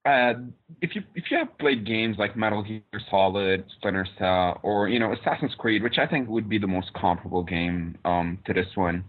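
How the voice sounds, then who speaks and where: A man's voice: fairly low pitch, normal speed. A man joining a podcast by phone, talking through a game with frequent hesitations. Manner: hesitant, lots of ums and restarts. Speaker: podcast guest. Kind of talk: casual podcast chat. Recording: tinny phone line.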